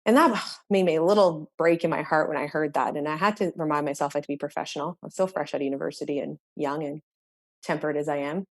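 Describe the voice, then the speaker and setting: With a low voice, fairly even intonation and a quick pace, an educator speaks with no echo as a podcast guest. In conversation she reflects earnestly on her classroom experiences, her sentences marked by repeated words and frequent restarts.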